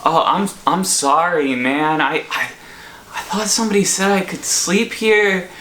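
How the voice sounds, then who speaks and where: A man's voice: high-pitched, a little slow, bright, forceful tone, slight background noise. A man voicing a confused, half-drunk young male stranger who stammers apologetically, in a roomy apartment. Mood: sheepish, confused.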